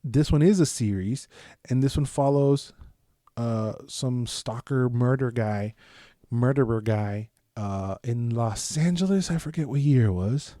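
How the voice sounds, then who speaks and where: A man's voice: mid-range voice, measured pace, dark tone, no echo, clean studio sound. A man from the United States hosting a solo podcast, talking in a loose, rambling, profane way with lots of restarts. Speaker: podcast host. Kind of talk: solo casual podcast chat.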